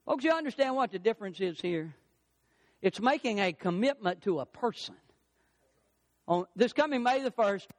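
A man's voice: high-pitched, fairly bright tone. An older man preaching a sermon in an emphatic, repetitive preaching cadence, driving points home as a pastor.

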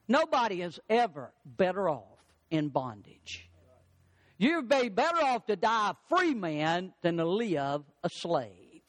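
A pastor delivers a sermon in a high, ringing voice, piling up repeated lines with mounting emphasis and acting out the people he quotes. He speaks slowly with big swings in pitch, and a long reverb from a large hall trails after his words.

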